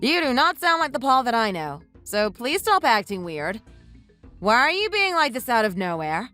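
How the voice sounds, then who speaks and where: A text-to-speech woman's voice voicing a scornful, sharp-tongued young wife who scolds her husband in a text-message story. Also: a little high, sing-song, moderate pace, faint music behind. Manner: mocking, scolding.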